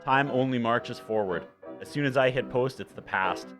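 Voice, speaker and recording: A man's voice: medium pitch, normal speed, music in the background. A man, an author guest on a talk podcast, joking dryly and poking fun at himself in a studio. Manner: dry, self-mocking humor. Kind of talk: casual chat. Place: radio studio.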